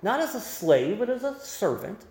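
A man's voice: high voice, very animated, normal speed, darkish tone. A man preaching a sermon, explaining scripture in a conversational way and adding emphasis with quoted voices. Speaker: pastor. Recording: roomy echo.

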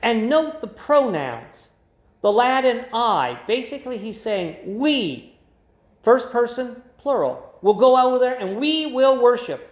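Preacher giving a sermon, stresses each point slow and emphatic, mid pitch, echoey room. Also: sing-song. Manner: emphatic, deliberate teaching delivery. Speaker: pastor.

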